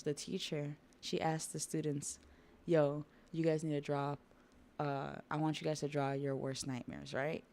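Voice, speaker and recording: A woman hosting a livestream, chatting casually about a manga while drawing, with relaxed asides to her viewers. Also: low-pitched. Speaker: livestream host.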